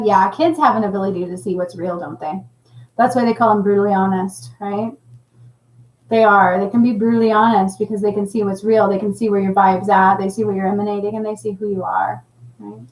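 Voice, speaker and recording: A middle-aged woman hosting a casual livestream, chatting and reading viewer comments with a laughing, animated manner. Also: mid-range voice, echoey room, rough recording. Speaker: livestream host.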